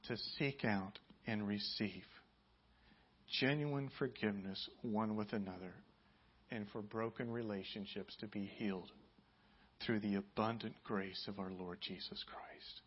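A man preaching a sermon as pastor, building to loud, emphatic passages and dropping to quiet prayer. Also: breathy edge, lo-fi sound. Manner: emphatic preaching, rising loud and high on key points.

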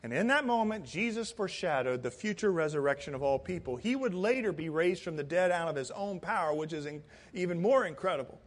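A male pastor with a notably high voice preaches a sermon in a church. His delivery is dramatic, dropping to near-whispers and then rising to loud cries. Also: lively intonation, brisk, few pauses. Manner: dramatic, swings from hushed to shouting. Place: church sanctuary.

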